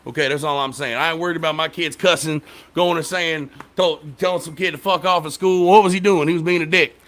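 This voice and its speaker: A man's voice: fairly high pitch, steady tone, brisk, fairly bright tone. A man co-hosting a casual talk show, telling loose, laughing stories about his kids, full of cursing. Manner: loose, laughing, profane storytelling. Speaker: podcast co-host. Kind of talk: casual chat.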